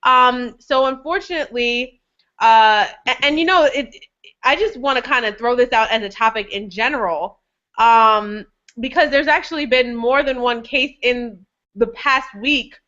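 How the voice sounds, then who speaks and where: A woman's voice: a little high, a little slow, sharp tone. A woman hosting a casual video chat, chatty and laughing often. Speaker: host. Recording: dull lo-fi webcam audio.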